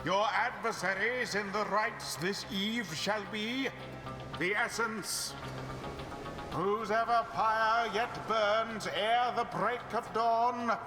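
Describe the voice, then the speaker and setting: An actor playing a solemn herald who proclaims rites in slow, archaic, ceremonial speech. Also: male voice, high voice. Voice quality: grave and ceremonial. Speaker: game announcer voice. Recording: echoey hall reverb from game audio. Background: game music.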